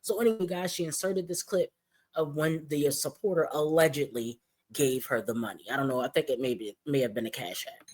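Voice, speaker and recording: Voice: mid-range voice, fairly quick, a little mellow. A commentary host giving blunt, sarcastic, profane running commentary on another streamer's clips.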